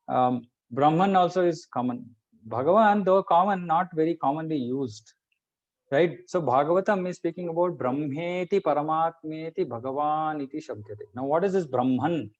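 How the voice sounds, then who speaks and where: A man teaches a conversational Bhagavad Gita class, explaining patiently and regularly checking in with his listeners. His mid-range voice is a little mellow, captured in a muffled lo-fi recording.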